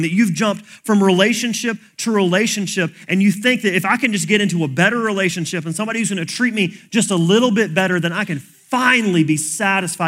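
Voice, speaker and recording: A man's voice: high voice, fairly bright tone. A man preaching a sermon in a conversational, plain-spoken way. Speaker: pastor.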